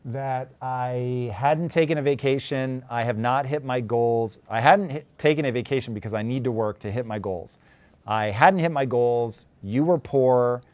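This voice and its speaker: A man's voice: mid-range voice, normal speed, darkish tone. A man in his forties hosting a casual livestream, talking candidly and reflectively about his marriage. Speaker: host.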